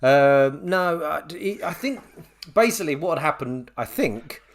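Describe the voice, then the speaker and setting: A man co-hosting a podcast, telling a story with lively re-enactments of a phone call. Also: a little high, unhurried, a little hiss or hum. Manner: animated storyteller, acts out both sides of a phone call. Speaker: podcast co-host. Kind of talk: casual chat, storytelling.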